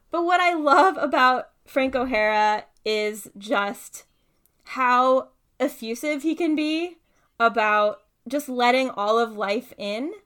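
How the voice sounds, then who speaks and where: A woman's voice: fairly high pitch, a bit bright, clean tone. A woman poet talking casually and thoughtfully about writing, often saying "like" and "right". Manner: thoughtful, uses many fillers like "like" and "right". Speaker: poet and guest speaker. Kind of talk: casual conversational talk with poetry reading.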